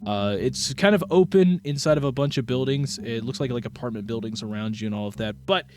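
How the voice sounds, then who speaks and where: A man's voice: medium pitch, fairly quick, a little mellow. A young man narrating as game master of a tabletop game, rambling with lots of fillers and restarts.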